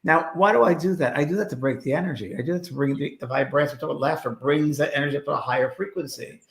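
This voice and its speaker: Man, gravelly, animated storyteller, casual chat, roomy echo. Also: a little high, fast talker. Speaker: medium and show co-host.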